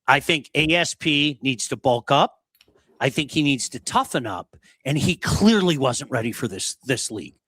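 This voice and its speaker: A man hosting a sports talk show, blunt and animated, reading out viewer comments and going over player stats. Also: medium pitch, moderate pace, no room sound, studio quality.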